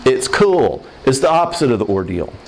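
A man's voice: medium pitch, very animated, normal speed, darkish tone. A man speaking in a mid-range voice with an earnest, conversational manner, like a sermon that drifts into casual asides. He talks with feeling and keeps checking in with his listeners. A faint hiss of background noise sits under the recording. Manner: earnest, conversational, emotional at times. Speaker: Christian speaker on marriage and forgiveness. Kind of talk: sermon-style talk.

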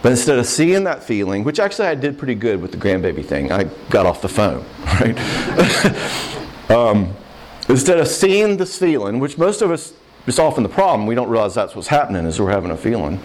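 An older man giving a lively sermon on marriage to a live crowd, conversational and playful, often checking in with the listeners. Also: medium pitch, brisk, a little hiss or hum, poor audio. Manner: acts out quoted voices and jokes. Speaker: pastor teaching on marriage.

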